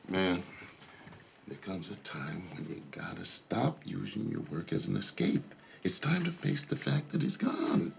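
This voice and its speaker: An actor playing a gruff male police captain who speaks bluntly and gives orders in a film drama. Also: sits low, sing-song, a little slow, exaggerated voice. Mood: stern. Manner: blunt, commanding.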